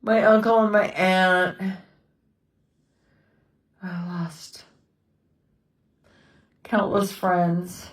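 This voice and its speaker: A middle-aged woman, a widow, talking slowly and haltingly about her grief in a quiet house at night, often breaking into tears. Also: lowish voice, steady tone, reverberant, distant mic, low-quality recording. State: tearful. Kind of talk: personal confessional vlog.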